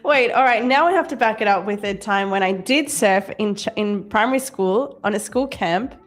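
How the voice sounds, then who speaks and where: A woman's voice: mid-range voice, normal speed, faint music behind. A woman co-hosting a live stream, telling stories in a chatty way and laughing often. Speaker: stream co-host. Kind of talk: casual live-stream chat.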